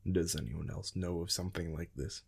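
A man voicing a cold, commanding man who speaks in curt, quiet lines. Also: low voice, fairly even intonation, brisk, creaky, breathy edge, full character voice.

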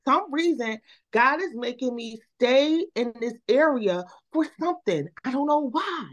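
A woman guest on a podcast, telling her story in casual chat with animated energy, repeating words and saying "y'all". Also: high-pitched, unhurried.

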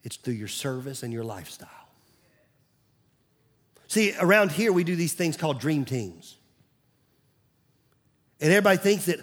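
A man's voice: a little high, big pitch swings, normal speed, long pauses, fairly bright tone. A man, preaching a sermon as pastor in a conversational way, sometimes dropping to a near-whisper. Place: church stage.

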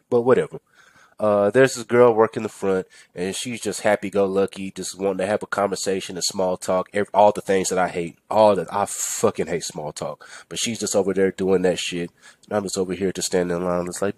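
Male podcast host, low-pitched, dry close mic, profane venting storyteller. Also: fairly quick, darkish tone, dry recording. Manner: profane, rambling, venting with mock-quoted rants. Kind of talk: casual storytelling monologue.

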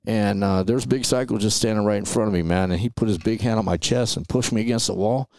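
Middle-aged man, from Los Angeles, low gravelly voice, casual animated storytelling, dry close sound. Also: fast talker, dry recording. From Los Angeles, USA. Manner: animated storyteller, peppers talk with "man" and "right?". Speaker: podcast guest.

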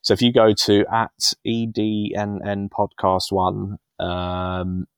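Casual podcast co-host: a man in his thirties, deep-voiced and rambling, with a dry close sound. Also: completely flat delivery, slow pace, clean tone, no room sound. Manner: rambling, chuckling, self-deprecating.

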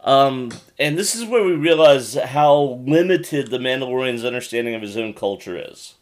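A man co-hosting a casual podcast, talking at an ordinary middle pitch. He retells scenes with an animated, jokey delivery and drops into quoted lines as he goes. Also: normal speed. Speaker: podcast co-host. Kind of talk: casual recap chat.

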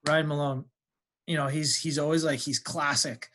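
Podcast guest: young man, a bit higher voice, loose and profane, spins stories. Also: normal speed, a little hiss or hum. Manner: profane, animated storyteller. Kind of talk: casual storytelling chat.

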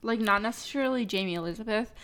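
A woman's voice: on the high side, fast, a bit bright. A young woman co-hosting a podcast, chatting casually with her sister, rambling with lots of fillers and giggles. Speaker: podcast co-host. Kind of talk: casual chat.

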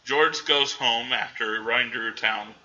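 A man casually recapping a movie in animated chat, jumping into the characters' voices now and then. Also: mid-range voice, dull audio, a little hiss or hum. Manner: animated, acts out characters in quick bursts.

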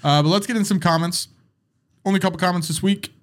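A man's voice: high-pitched, steady tone, fast. A man hosting a podcast, in casual chat, rambling and joking as he tells stories. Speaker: podcast host.

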